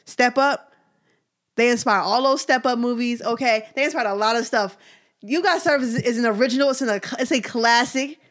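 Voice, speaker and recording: A woman's voice: fairly high pitch, moderate pace, fairly bright tone. A woman chatting casually, teasing and playfully argumentative. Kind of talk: casual chat.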